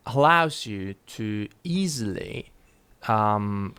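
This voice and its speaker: A man's voice: mid-range voice, fairly bright tone, clear, resonant tone, no echo. A man explaining a learning tool in a casual, conversational way, asking rhetorical questions. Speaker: original course narrator.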